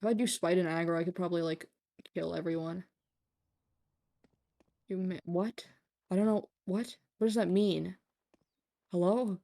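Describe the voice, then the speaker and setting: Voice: medium pitch, fairly even intonation, moderate pace, vocal fry, pauses often, dark tone. A streamer chatting casually during a late-night live game stream, joking, rambling and laughing often.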